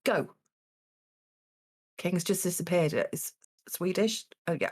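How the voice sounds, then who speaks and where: A woman hosting a live charity game stream, reading donations and calling on players in a calm, polite way. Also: fairly low pitch, takes it slowly, slightly rough.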